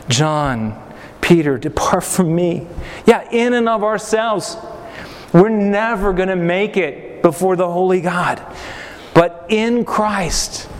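A man pastor preaching a sermon, pausing for effect and briefly acting out the people he quotes. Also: high-pitched. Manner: preaching with acted-out quotes and dramatic pauses. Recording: reverberant hall, faint noise.

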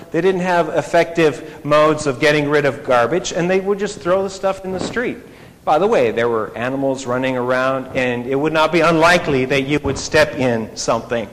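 Male preacher, lively and conversational, fairly high voice, reverberant hall with faint noise. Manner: animated, conversational, rhetorical questions. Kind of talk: sermon.

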